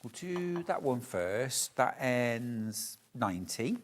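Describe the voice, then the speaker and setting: A man's voice: mid-range voice, big pitch swings, takes it slowly. A man presenting fabrics on a live home shopping show, chatty and full of enthusiasm.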